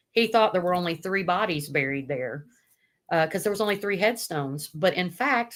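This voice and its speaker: A woman's voice: on the low side, fairly bright tone. A woman guiding at a historic site, explaining its history in a matter-of-fact way with brief answers. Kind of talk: casual explanation.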